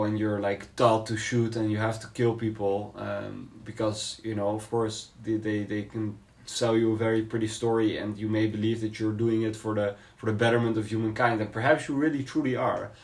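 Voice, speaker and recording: A man co-hosting a podcast, talking through his views in a casual debate, thoughtful and hesitant, with many fillers and restarts. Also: lowish voice. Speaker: podcast co-host.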